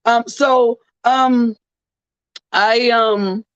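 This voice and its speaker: A tired woman hosting a faith-based talk show, speaking emotionally and haltingly with many restarts, close to tears. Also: fairly high pitch, fairly even intonation, smooth, dry recording, lo-fi sound. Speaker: radio show host.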